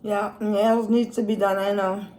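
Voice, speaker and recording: A woman's voice: medium pitch, flat delivery, a little slow, a little mellow. A young adult woman, a mukbang vlogger, chatting casually while eating, with many savoring hums between her words. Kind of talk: casual eating vlog chat.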